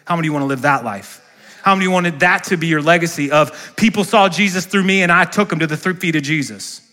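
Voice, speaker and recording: Male pastor, high voice, bright tone, lively sermon in a church. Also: quick pace. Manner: preaching with call-and-response questions to the congregation. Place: church sanctuary.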